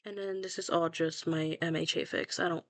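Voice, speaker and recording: A woman's voice: low-pitched, fairly even intonation, normal speed, no echo. A young woman chatting casually about her own fan fiction, blunt and self-mocking, swearing freely and laughing at herself. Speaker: fanfiction writer scrolling her own archive.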